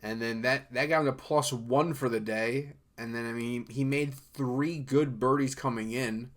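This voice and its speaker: A young man hosts a golf podcast on his own, voice pitched in the middle range. He rambles in a loose, easygoing way, breaking off sentences and filling gaps with lots of "uh" and "um". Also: fairly even intonation, unhurried, fairly bright tone. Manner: loose and rambling, many fillers and restarts. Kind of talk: casual solo podcast chat.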